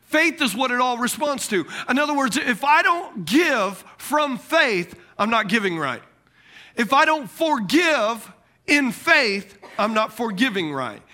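A man preaching a sermon, asking the congregation questions, repeating key words and swinging between loud bursts and quiet lines. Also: very high voice, big pitch swings, measured pace. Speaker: pastor.

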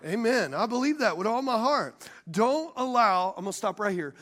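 A male pastor with an unusually high voice delivers a sermon from the stage microphone. He jokes and pulls the congregation into call-and-response. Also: lively intonation, moderate pace, a bit bright. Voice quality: high voice for a man. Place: church sanctuary.

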